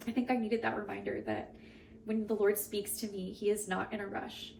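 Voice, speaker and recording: A woman's voice: mid-range voice, fairly even intonation, normal speed, creaky, darkish tone, a little hiss or hum, rough recording. A young woman reading scripture aloud and reflecting on it in an earnest, emotional way, with chatty asides. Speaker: Bible reading host.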